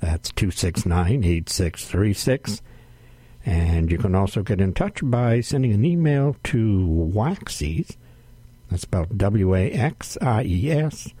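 A man hosting a radio music show from a studio, announcing tracks in an unhurried way with frequent "uh" fillers. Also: low-pitched, dark tone, breathy edge, no room sound. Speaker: radio host.

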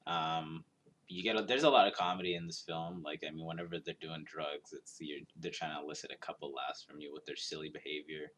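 A man talking casually about a film, halting and repeating words, sometimes dropping to a near-whisper. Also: very deep voice, fairly even intonation, fairly bright tone.

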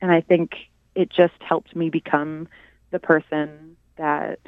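A woman's voice: deep voice, little pitch movement, slow, dry recording. A Canadian singer-songwriter in her thirties, chatting in an interview with lots of ums and little laughs. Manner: giggly, hesitant, lots of ums. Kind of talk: casual interview. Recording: dry, phone-like narrow sound.

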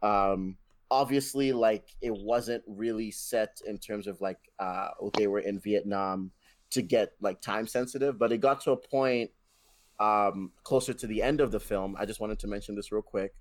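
A man's voice: lowish voice, moderate pace, no echo. A man hosting a casual film review podcast, rambling with many fillers and restarts. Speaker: podcast host.

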